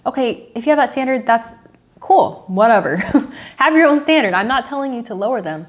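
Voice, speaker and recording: Woman in her thirties, dating coach, earnest, emotional, repeats herself, sighs, slightly high voice. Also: expressive, a little fast. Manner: earnest, repetitive, sighing and emotional. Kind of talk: emotional monologue to camera.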